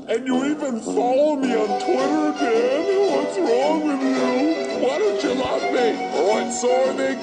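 A man giving excitable, playful gameplay commentary, often yelling in surprise. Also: high voice. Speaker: gaming video creator. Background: background music.

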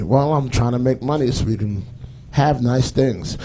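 A man's voice: medium pitch, moderate pace, warm tone. A young man with a Boston accent doing a rambling stand-up comedy set on a live stage, full of fillers and put-on voices. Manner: rambling, lots of fillers, puts on voices for bits.

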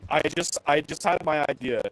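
A man's voice: a little high, brisk, fairly bright tone, low-quality recording. A young man bossing a friend around while they play a game together, swearing and exasperated. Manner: profane, bossy and exasperated. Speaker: gamer. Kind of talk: casual co-op gaming chat.

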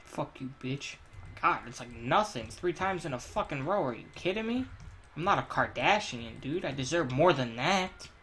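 A man's voice: a little high, animated, moderate pace, a bit bright, slight background noise. A man giving crude, profane let's play commentary while he plays, ranting and joking. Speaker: gamer.

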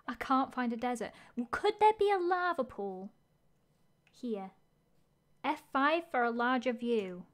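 Excitable and bright, this woman's high voice narrates her own moves as she live-streams a game. A constant out-loud thinker, she reacts to every twist in turn.

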